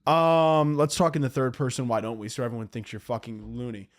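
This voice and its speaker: A man's voice: mid-range voice, little pitch movement, a little fast. A young man hosting a solo podcast, rambling and cutting himself off, laughing at his own jokes. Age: young adult. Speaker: podcast host.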